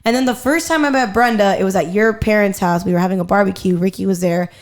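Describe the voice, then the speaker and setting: A young woman hosting a podcast, telling a family story in a casual, animated way and swearing freely. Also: mid-range voice, quick pace. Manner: animated, profane storyteller, quotes herself and others. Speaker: podcast host.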